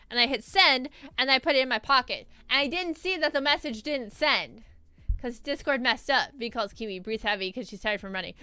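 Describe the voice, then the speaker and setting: Bright, bubbly young woman telling a story. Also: a little high, a little fast, clean tone, no room sound. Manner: animated, rambling, laughs often. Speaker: vtuber streamer. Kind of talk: casual storytelling recap.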